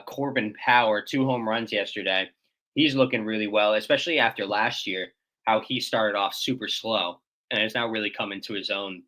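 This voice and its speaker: Bright-voiced male baseball co-host. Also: on the low side, rough recording. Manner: reads stats, laid-back banter. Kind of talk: casual sports talk.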